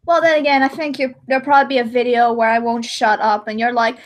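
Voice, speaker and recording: A woman's voice: high-pitched, very animated, a little fast, few pauses. A young woman chatting casually to her livestream while she edits, talking to herself and laughing often. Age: young adult. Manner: chatty, giggly self-talk with frequent laughs. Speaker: livestreamer editing a dramatic reading. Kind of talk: casual chat while editing.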